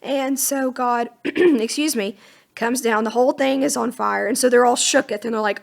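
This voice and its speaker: A woman co-hosts a Bible teaching podcast, retelling scripture chattily and casually and acting out quotes with lively energy. Her voice is fairly high and creaky, at a normal speed.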